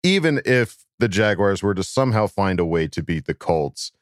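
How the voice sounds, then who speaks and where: A man co-hosting a fan podcast in casual chat, chatty and excitable, laughing often. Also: low voice, moderate pace, no echo, clean studio sound. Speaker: podcast co-host.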